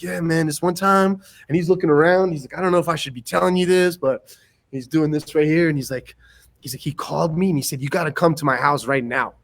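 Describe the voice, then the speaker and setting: A man's voice: fairly high pitch, fairly bright tone. A man telling martial arts stories on a podcast, acting out other people's lines and laughing often. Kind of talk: casual storytelling.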